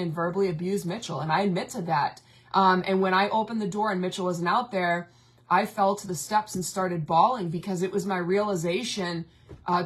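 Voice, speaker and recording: A woman candidly tells her own story on a casual talk show. Her voice sits at a middling pitch. She speaks in a confessional, open manner. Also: fairly bright tone. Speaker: co-host, family member. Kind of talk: casual chat, personal story.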